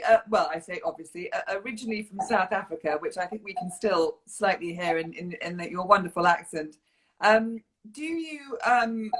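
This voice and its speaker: A woman's voice: mid-range voice, fairly bright tone. A woman interviewing a headmaster, chatty and affirming. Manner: chatty and affirming, laughs easily. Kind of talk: interview over video call.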